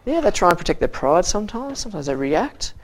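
A teacher talks a class through a Bible story, pitched in the middle of the usual range. The delivery is halting, stopping to repeat words and throw questions at the listeners, and it slips into quoted voices for the characters. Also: big pitch swings. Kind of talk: interactive Bible story lesson.

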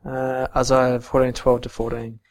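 A man preaching a sermon and reading scripture, earnest, swinging from soft to emphatic. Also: medium pitch, monotone, normal speed.

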